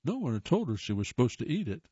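A man reads short stories aloud and sometimes stumbles and restarts. His voice is mellow and relaxed. The recording is dry and close, with a slightly muffled tone. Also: medium pitch, fast, breathy edge, dry recording. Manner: plain reading with occasional stumbles and restarts. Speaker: reader of listener stories.

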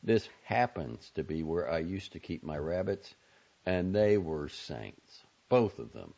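A man's voice: low voice, animated, unhurried, vocal fry, dark tone, full character voice. A man voicing a glib, outspoken young man in an audiobook reading, wry and sardonic. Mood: teasing. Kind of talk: audiobook character voice. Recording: dull lo-fi audio.

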